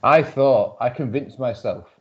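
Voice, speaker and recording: A man co-hosting a casual podcast, rambling with many restarts and quick to laugh. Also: medium pitch. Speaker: podcast co-host. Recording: muffled lo-fi audio.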